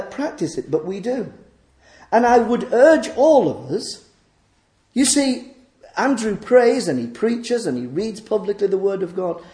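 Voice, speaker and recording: A man's voice: high-pitched, mellow, roomy sound. A man preaching a sermon in a church, fervent and emphatic as he exhorts the congregation.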